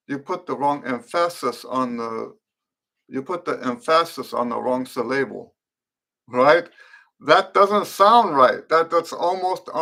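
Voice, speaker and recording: A middle-aged man instructs trumpet players during a live-stream Q and A, speaking in a considered, unhurried way that includes fillers and restarts. He has a medium pitch and a slightly bright sound.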